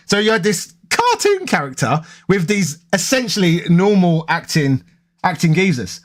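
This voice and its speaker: A man's voice: high voice, very animated, moderate pace. A man with a London accent, chatting casually and rambling to his viewers. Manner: rambling, conversational, self-correcting. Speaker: gaming YouTuber.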